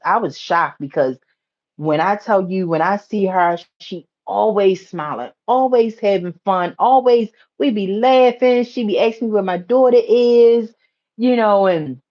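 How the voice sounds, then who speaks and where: Chatty woman on a muffled livestream. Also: a little slow. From United States. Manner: chatty storytelling, repeats phrases, rises high when excited. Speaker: livestream host. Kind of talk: casual livestream chat.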